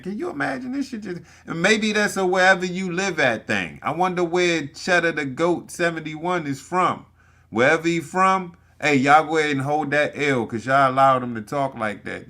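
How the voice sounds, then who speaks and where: Talking straight to his viewers, a male commentary streamer gives casual reaction commentary, emphatic and profane. His voice is a little high and a bit bright.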